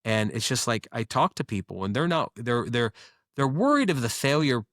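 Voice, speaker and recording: A man, a guest business owner, telling stories in a casual interview with quick, animated delivery and frequent restarts. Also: medium pitch, no echo, clean studio sound.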